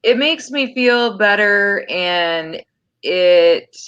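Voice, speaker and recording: A woman's voice: medium pitch, lively intonation, very slow, a bit bright, smooth, lo-fi sound. A woman chatting on a video call, candid and plainspoken, joking about herself. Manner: candid, self-deprecating, plainspoken. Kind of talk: casual chat.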